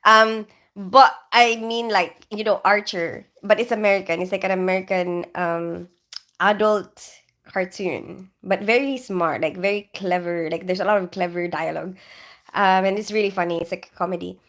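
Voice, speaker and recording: A woman's voice: mid-range voice, fairly even intonation, normal speed, fairly bright tone. A woman hosting a casual livestream from her bedroom, chatting and answering viewers by name as she reads their comments. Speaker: livestream host.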